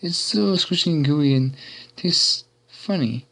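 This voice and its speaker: A man voicing a hyper, candy-fuelled female pony who rambles bubbly and fast. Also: a little high, creaky, a bit bright, voice pushed up, exaggerated voice.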